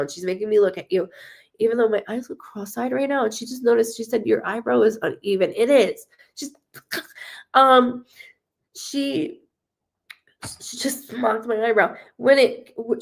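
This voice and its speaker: A woman with a fairly high voice gives a psychic reading on a live stream. Her speech is halting and rambling, full of restarts and fillers. She is emotional and blunt, and she swears freely. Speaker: psychic medium.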